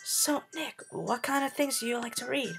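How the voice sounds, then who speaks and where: A man doing a soft, shy schoolgirl bookworm. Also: extremely high pitch, moderate pace, vocal fry, husky, faint music behind, voice pushed up, full character voice. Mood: gentle. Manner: soft, hesitant, stammering. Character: timid, formal teenage girl bookworm. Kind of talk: voiced game playthrough.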